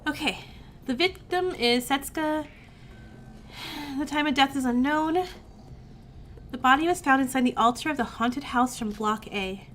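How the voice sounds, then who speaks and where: A woman streamer who sounds sick, still recovering from an illness, chats casually as she plays and reads game text aloud, sighing and groaning between the lines. Her voice is high and fairly bright, with a little hiss or hum in the recording.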